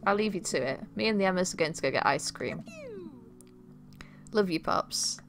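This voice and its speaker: A wry, affectionate teen daughter heading off to college, read by a woman streaming a dating game. The voice carries a light vocal fry, with faint music underneath. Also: on the low side, animated, normal speed, a bit bright. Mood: playful. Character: teen girl, daughter leaving for college, teasing. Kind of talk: game dialogue read aloud.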